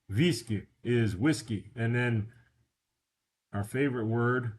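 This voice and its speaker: A man with a slightly low voice teaches a beginner lesson, speaking very slowly and deliberately. He drills words by repeating them several times. A faint hum sits under his voice. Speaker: language teacher. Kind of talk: slide-based lesson.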